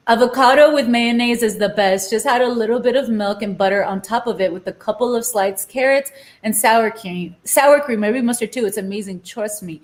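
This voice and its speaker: Cooking in an echoey home kitchen, a young woman from Los Angeles runs a casual live stream in a voice on the high side, at a normal pace. She keeps chatting, ranting animatedly and sprinkling in bits of Spanish as she goes.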